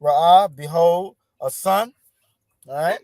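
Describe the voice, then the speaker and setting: A man's voice: fairly high pitch, slow pace, a little mellow, no room sound, studio quality. A man teaching an online class over a video call, encouraging his students and often repeating words.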